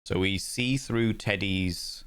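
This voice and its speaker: A man's voice: fairly low pitch, slow, a bit bright, smooth. A man streaming a game, chatty and rambling while he sets up settings. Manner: chatty, rambling and self-mocking. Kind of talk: casual live-stream commentary.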